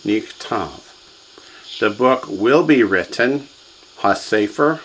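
A man's voice: on the low side, animated, slow, a bit bright, a little hiss or hum, rough recording. A man teaching a classroom lesson, drilling students with repetition and quiz questions. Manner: drills students, has them repeat words, quizzes them. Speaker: language teacher.

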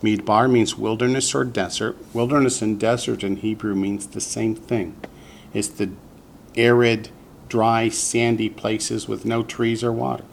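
A man teaching a Hebrew vocabulary lesson to a class, patient and slow, repeating each word for the students. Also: fairly low pitch, flat delivery, vocal fry, slight background noise.

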